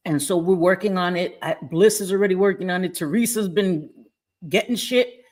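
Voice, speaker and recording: A woman's voice: lowish voice, normal speed, a little mellow. A middle-aged woman hosting a casual live stream from home, talking bluntly with lots of swearing and frequent laughter. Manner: blunt, profane and laughing often. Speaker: livestream host.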